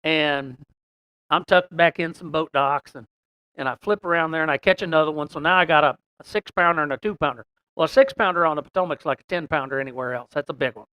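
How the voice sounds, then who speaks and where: A man telling a long fishing story in a casual, folksy way, rambling with many "and, uh" pauses. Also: a little high, sharp tone, clear, resonant tone, dry recording. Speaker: podcast guest telling a story.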